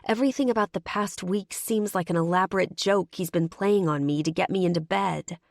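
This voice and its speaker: Female audiobook narrator, low and gravelly voice, dry close sound. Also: a little fast, no room sound. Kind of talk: first-person audiobook narration.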